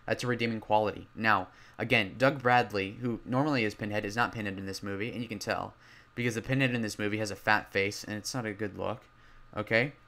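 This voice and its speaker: A man reviewing horror films in a loud, rambling way, full of fillers and restarts, his voice strained from talking loudly. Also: on the low side, steady tone, fast talker. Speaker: movie reviewer. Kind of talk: casual spoken film review.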